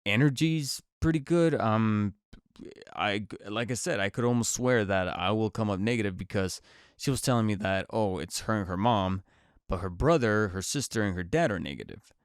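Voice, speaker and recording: He's a podcast host chatting casually on his own show, his lowish voice clean-toned, with lively intonation and a moderate pace. He sounds a bit nasal and congested from a cold and rambles, restarting often and using many fillers. The recording is dry and studio quality.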